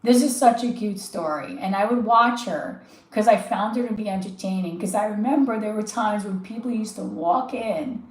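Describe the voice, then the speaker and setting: A woman's voice: medium pitch, normal speed, echoey room, rough recording. A woman livestreaming as a tarot reader, telling a story casually with a stuffy, sniffly nose and acting out the quotes. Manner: chatty, animated, laughs often, acts out quotes.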